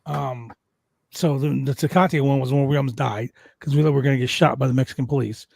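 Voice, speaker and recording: A man hosting a wrestling podcast, telling a road story with heavy swearing and lively energy. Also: mid-range voice, fast talker, gravelly, no room sound. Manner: animated, profane storyteller. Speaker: podcast host.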